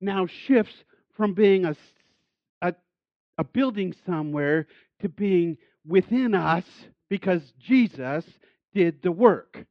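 High-voiced man preaching conversationally. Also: expressive, takes it slowly, dry recording, muffled recording. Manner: conversational, self-deprecating and enthusiastic with frequent restarts. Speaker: pastor. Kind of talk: sermon.

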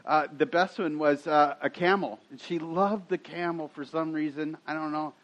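A man's voice: fairly high pitch, fairly even intonation, normal speed, fairly bright tone. A middle-aged man preaching a sermon as a pastor, telling stories in a chatty way and laughing often. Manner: chatty storytelling with frequent laughs. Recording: dull lo-fi sound.

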